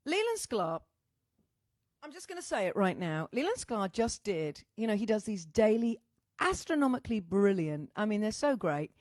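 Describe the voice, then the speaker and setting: A woman's voice: mid-range voice, dry recording, clean studio sound. A woman musician hosting a casual livestream. She greets viewers as darling, chats effusively and swears freely while talking into a microphone at home. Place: at home, indoors. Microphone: microphone in front of her.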